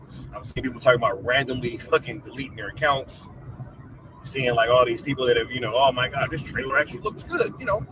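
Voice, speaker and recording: Guy rambling n cursing while driving, mic far off, road noise loud. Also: mid-range voice, lively intonation, fast. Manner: rambling, profane, filler-heavy. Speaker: content creator. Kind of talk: casual rant while driving. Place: inside a moving car.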